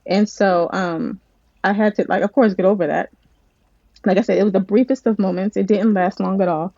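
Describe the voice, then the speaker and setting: Her medium-pitched voice carries vocal fry and a normal pace as this screenwriter and script supervisor tells lively stories in a casual interview, restarting sentences a lot. The recording is dry and dull.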